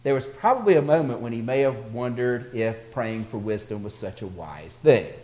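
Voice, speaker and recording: A male pastor preaching to a congregation from a reverberant hall, his voice ringing on with a long tail of echo. He tells stories in a steady voice of middling pitch and swells in volume as he draws his points out. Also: moderate pace. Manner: storytelling preacher, builds in volume for anecdotes. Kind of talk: sermon. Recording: echoey hall.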